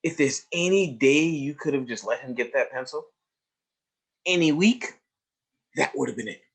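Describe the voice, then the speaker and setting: A man with a voice of ordinary pitch gives a trauma lecture over a webinar. He tells stories emphatically, slowing and stretching key words, sinking to near-hushes and then lifting up, and keeps checking in with "right?". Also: vocal fry, breathy edge. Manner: emphatic storyteller, swings between hushed and raised, stretched phrases; addresses listeners directly with "right?" and "you see?". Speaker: trauma educator presenting a webinar.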